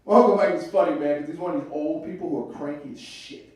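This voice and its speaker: A man's voice: a little high, quick pace, a little mellow. A man doing a stand-up comedy set in a comedy club, telling stories in a loose, profane way. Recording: echoey club from far off.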